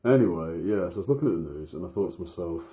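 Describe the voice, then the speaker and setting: A man's voice: deep voice, animated, rapid-fire, warm tone. A man in his thirties with a Midlands accent, rambling through a late-night vlog monologue with self-mocking asides. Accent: English Midlands. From English Midlands. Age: 30s. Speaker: vlogger. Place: home room at night.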